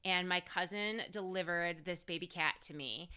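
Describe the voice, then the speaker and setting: A woman in casual chat who giggles often and reacts with quick exclamations. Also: fairly low pitch, sharp tone, clean tone.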